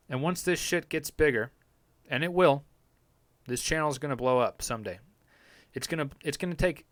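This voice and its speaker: A man's voice: fairly high pitch, fairly bright tone, no echo. Rambling, profane young man streaming. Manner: rambling, profane, laid-back. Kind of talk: casual live-stream chat. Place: home basement studio.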